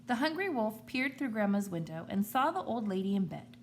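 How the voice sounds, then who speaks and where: A woman teacher reads a children's story aloud with an expressive, storytelling delivery. Her voice is lively, rising and falling as she tells the tale. A faint hum of room sound sits in the background. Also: medium pitch, a little fast.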